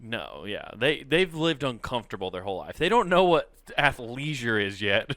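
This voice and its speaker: A man's voice: mid-range voice, very animated, normal speed, few pauses, a bit bright, no echo. A man co-hosting a comedy podcast, laughing often and riffing on bits in casual chat. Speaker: podcast co-host.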